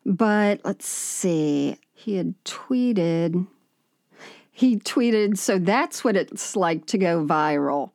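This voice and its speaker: A woman co-hosting a podcast in casual chat, wry and quick to interrupt. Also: fairly low pitch, expressive, a little mellow, no echo, clean studio sound. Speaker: podcast co-host.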